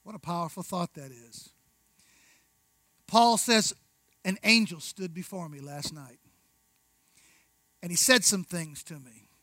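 A man preaching a sermon, conversational, with rhetorical questions, asides and slow, deliberate emphasis on key words. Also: sits high, pushed and bright, dry recording, rough recording. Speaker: pastor.

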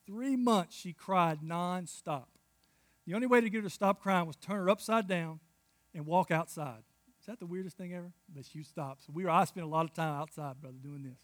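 A pastor in his thirties preaches a sermon in a high-pitched, brisk voice, telling stories that swing widely from hushed asides to loud outbursts. The clean recording has no room sound.

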